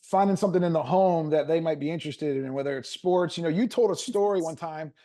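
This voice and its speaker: A man's voice: fairly high pitch, fast, dark tone. A man hosting a Q&A over a video call, talking in a loose, rambling way. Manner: rambling, restarts, fillers. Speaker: mastermind host.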